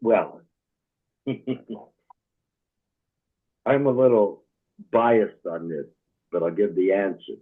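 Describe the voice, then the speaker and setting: Man, rabbi, reflective storyteller, husky, tinny phone-like sound. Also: low-pitched. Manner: slow reflective storytelling, often says "all right?". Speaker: rabbi, guest speaker. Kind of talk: storytelling in a conversation.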